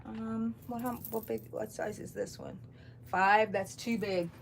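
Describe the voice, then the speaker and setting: On an overcast morning in a room at home, a middle-aged woman chats to viewers of her crochet livestream, greeting them by name as she rambles. She speaks a little slowly in a gravelly, somewhat high voice, and there's a faint hiss or hum.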